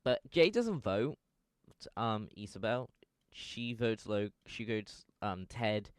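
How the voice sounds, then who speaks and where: A man's voice: fairly low pitch, expressive, slow pace, smooth, no room sound, studio quality. A young man giving casual fan commentary, rambling and correcting himself with lots of fillers.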